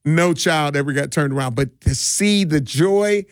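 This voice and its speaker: A middle-aged man who works as a DJ tells stories in a relaxed, rambling way during a casual interview, with frequent restarts and laughs. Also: on the high side, a little slow, no echo, clean studio sound. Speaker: DJ and community party organizer.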